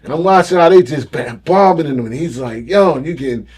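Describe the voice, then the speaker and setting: A middle-aged man telling stories as a podcast guest, animated and acting out the voices of people he quotes. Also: a little high, quick pace. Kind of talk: casual storytelling interview.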